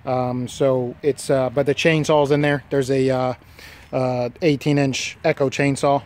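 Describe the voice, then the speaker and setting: A man's voice: mid-range voice, little pitch movement, unhurried, darkish tone. A man giving a casual walkaround of his work trailer outdoors, rambling and matter-of-fact with many fillers. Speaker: property preservation worker.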